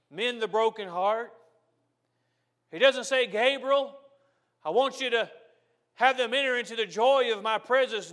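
Male pastor, high voice, sermon delivery; builds from hushed tenderness to loud proclamation, repeats and restarts phrases. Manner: preaching, swings from loud declarations to soft tender near-whispers.

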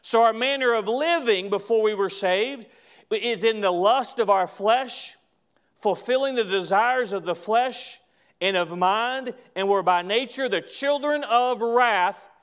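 A pastor preaching a sermon in a church, with emphatic, repetitive phrasing and slow stressed lines. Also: male voice, high voice, fairly bright tone, clean tone.

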